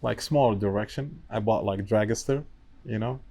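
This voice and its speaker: Gravelly low-voiced man in broken English. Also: a little slow, mellow. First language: not English. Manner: talkative, broken English, lots of "you know". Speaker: guest, wiring business owner. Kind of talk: casual podcast chat.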